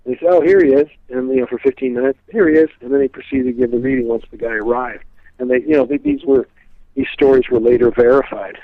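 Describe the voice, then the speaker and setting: A man's voice: medium pitch, animated, fast, gravelly, no echo. A man telling stories as a guest in a casual interview, rambling and dotting his talk with fillers. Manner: rambling, many "you know" fillers. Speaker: guest speaker on a psychic's teachings. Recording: tinny phone line.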